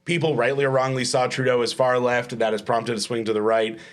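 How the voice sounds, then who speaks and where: A man's voice: medium pitch, level tone, fast talker. A man hosting a casual political panel podcast, making long run-on points and swearing freely. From Canada. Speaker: podcast host.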